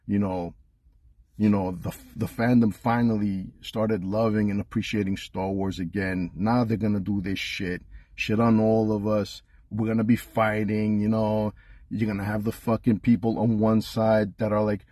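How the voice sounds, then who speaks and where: Angry guy cussing nonstop, husky low voice, dead dry sound. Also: steady tone, normal speed, no room sound. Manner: heated, swearing, swings from loud to muttered. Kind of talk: angry profane rant.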